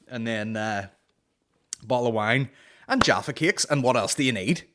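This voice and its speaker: A man's voice: medium pitch, normal speed, a bit bright. A man in his thirties hosting a solo comedy podcast, rambling, swearing and cutting himself off. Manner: swearing, rambling, self-interrupting. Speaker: podcast host.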